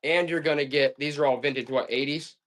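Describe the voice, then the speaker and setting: A man running a live online sale, talking straight to his viewers in a loose, repetitive pitch. His voice sits a little high for a man, and he keeps the patter rolling with quick asides and hype. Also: fairly even intonation, fairly bright tone. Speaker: live auction seller. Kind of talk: live-stream sales pitch.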